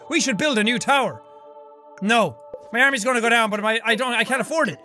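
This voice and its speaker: A young man hosting a let's-play video, reading game text aloud and reacting loudly with lots of swearing. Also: very high-pitched, fast, faint music behind. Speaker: gaming video host.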